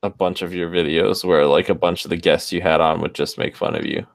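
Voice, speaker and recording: A man's voice: low-pitched, steady tone, a little fast, creaky. A man chatting casually on a stream, teasing his friend and swearing often. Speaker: guest friend.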